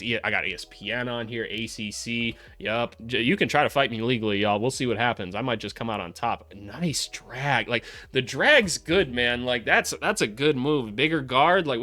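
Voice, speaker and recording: A young man gives a casual breakdown of basketball film with an ordinary mid-pitched voice. He swears freely, talks straight to the players on screen, and gets loud and high when a play excites him. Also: normal speed, hardly any pauses. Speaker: host breaking down draft prospects.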